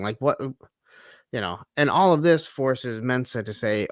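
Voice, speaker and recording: A man co-hosting a casual TV recap chat, thinking aloud with fillers and quick asides. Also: mid-range voice, no room sound, studio quality. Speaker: podcast co-host.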